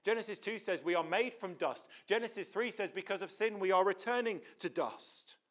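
A man's voice: high voice, normal speed. A man preaching a sermon in a church, earnest and emphatic, often restarting his words.

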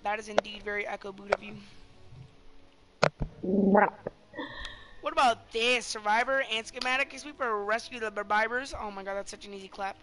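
A woman streaming a video game, chatting casually with loud, joking, profane outbursts. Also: mid-range voice, steady tone, quick pace, hardly any pauses, low-quality recording. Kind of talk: casual gaming chat.

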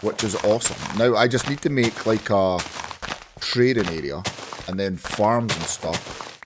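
A Scottish man with a hoarse, groggy voice, chatting casually to viewers while playing Minecraft on his channel. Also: fairly low pitch, a little slow, noisy background. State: hoarse from shouting. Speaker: gaming channel host. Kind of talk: casual Minecraft let's play commentary.

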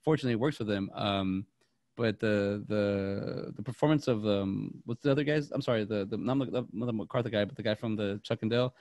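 A man co-hosting a movie podcast, chatting casually in a rambling, excitable way with many restarts. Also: on the low side, brisk, no echo, clean studio sound. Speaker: podcast co-host.

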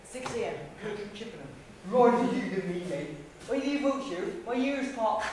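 A man's voice: very high-pitched, expressive, unhurried, darkish tone, a little hiss or hum. A young man playing a cheeky village lad in a student stage play, chatty and laughing, with a put-on West Country accent. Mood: chirpy. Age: young adult. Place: college theatre stage. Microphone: far camera. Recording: echoey hall from far off.

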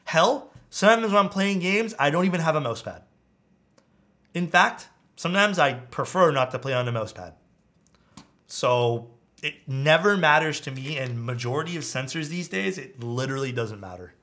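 Chatty male streamer, lively pitch. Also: normal speed. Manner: chatty, thinks aloud, answers chat. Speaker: streamer building a keyboard. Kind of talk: casual live-stream chat.

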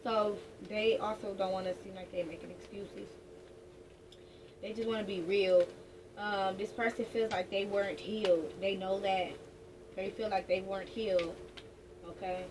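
A woman's voice: medium pitch, steady tone, moderate pace. A woman giving a casual tarot reading in a blunt, profane, joking way. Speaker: tarot reader. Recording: distant mic with background noise.

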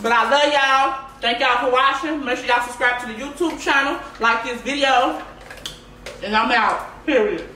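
A woman's voice: sits high, moderate pace, bright, forceful tone. A woman hosting a home cooking vlog, chatting casually and in slang straight to her viewers. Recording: roomy, distant mic, faint room noise.

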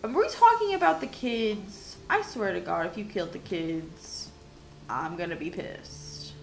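A woman's voice: medium pitch, expressive, measured pace, gravelly, faint music behind. A woman hosting a gaming video, chatting to herself and exclaiming as she plays. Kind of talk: casual let's-play commentary.

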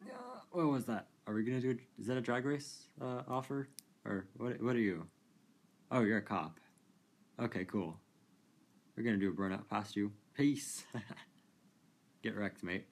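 Guy with a kinda low voice chatting over a racing game, amused and laughing. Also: a little slow, pauses often. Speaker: gaming video creator. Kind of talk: casual gameplay commentary.

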